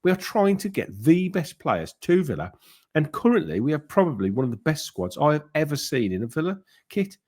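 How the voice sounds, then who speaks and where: Briskly and in a sing-song, darkish voice on the high side, a man gives his opinions on his own football fan channel. The monologue is casual and conversational, rambling with fillers and restarts.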